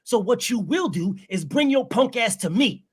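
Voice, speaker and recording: Brash boxer bragging and making demands, guy doing an impression, husky voice, pitch jumping all over. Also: expressive, normal speed, full character voice. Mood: boastful, demanding. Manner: boastful, profane, dictating terms. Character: cocky brash male champion boxer. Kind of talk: impression in a boxing debate.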